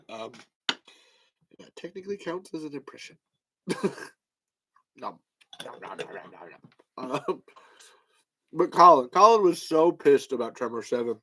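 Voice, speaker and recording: A man's voice: fairly high pitch, bright, forceful tone, low-quality recording. A man hosting a podcast in casual chat, rambling and swearing freely. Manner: rambling, profane. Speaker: podcast host.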